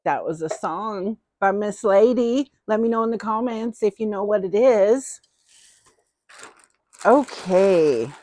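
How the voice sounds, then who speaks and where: Slow, playful middle-aged woman vlogger. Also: mid-range voice, warm tone, no room sound. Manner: playful, chatty, repeats phrases. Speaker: host. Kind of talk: casual haul vlog chat.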